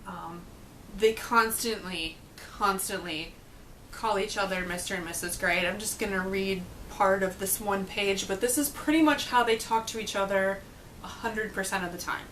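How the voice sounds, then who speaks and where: A woman's voice: mid-range voice, normal speed, a bit bright, slight background noise, low-quality recording. Sarcastic young woman vlogging. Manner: sarcastic, blunt, swears. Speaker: book reviewer vlogger. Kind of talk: casual chat to camera.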